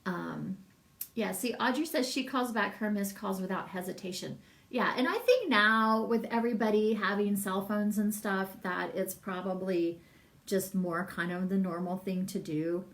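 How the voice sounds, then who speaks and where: A woman's voice: medium pitch, steady tone, normal speed, reverberant, distant mic. A middle-aged woman, a massage business coach, talking in a casual, rambling livestream and reading out viewer comments. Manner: chatty, rambling, laughs often, reads viewer comments.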